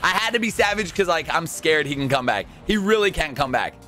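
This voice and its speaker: A young man gives running commentary over a match, his voice sitting a little high and swinging wildly up and down. He is excitable and jokey, breaking into shouts and laughs, with faint music playing behind him. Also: a little fast. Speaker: gaming YouTuber. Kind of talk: live gameplay commentary.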